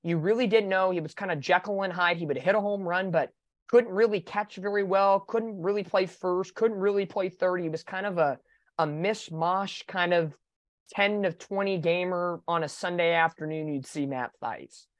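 A man hosting a sports podcast, talking in an animated, opinionated way in casual chat. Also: high-pitched, moderate pace, no echo. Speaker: podcast host.

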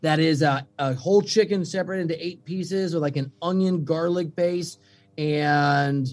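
A man guesting on a podcast, a sports radio host telling lively anecdotes in casual chat. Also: fairly high pitch, moderate pace. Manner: lively storyteller, mimics voices in anecdotes.

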